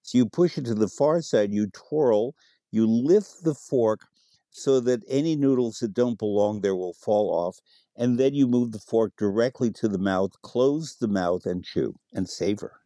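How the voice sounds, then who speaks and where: A man's voice: fairly low pitch, unhurried, mellow, no echo, clean studio sound. A man being interviewed on the radio as an expert on Italian food, explaining dishes with enthusiasm and spelling out words.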